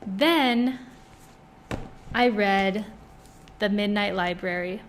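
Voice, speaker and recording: A woman's voice: medium pitch, drawn-out words, a little hiss or hum. A young woman in casual chat reviewing books, gushing and chatty, with many fillers. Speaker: book vlogger.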